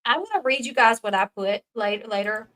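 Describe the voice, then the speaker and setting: A woman's voice: fairly high pitch, expressive, normal speed, pushed and bright, rough recording. A woman from the South, hosting a casual commentary video, chatty and emphatic, swearing freely. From American South. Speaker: commentary channel host.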